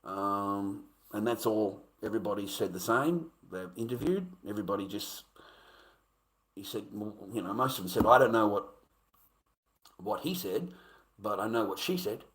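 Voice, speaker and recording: A man's voice: on the low side, lively intonation, normal speed, fairly bright tone. A man who grew up in America, telling a story in a casual, rambling way and swearing freely as he retells a confrontation. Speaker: streamer.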